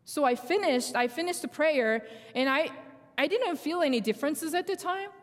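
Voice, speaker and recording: In a high voice, a young Korean woman with a Korean accent relates her sermon testimony as vivid storytelling, playing out the dialogue with halting delivery. Korean is her native language, and the recording has a long hall reverb.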